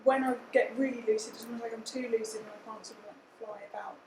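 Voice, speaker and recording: A woman in the audience asks a question in a fairly high voice, hesitant and groping for words. She is picked up from far off in an echoey hall, with faint noise around her. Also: fairly even intonation, fast. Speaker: audience member asking a question. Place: conference hall.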